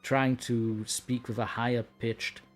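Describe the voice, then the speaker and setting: A man's voice: mid-range voice, little pitch movement, takes it slowly, soft background music. A man hosting a live stream, chatting casually and laughing at himself. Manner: laughs often, self-mocking. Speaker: stream host.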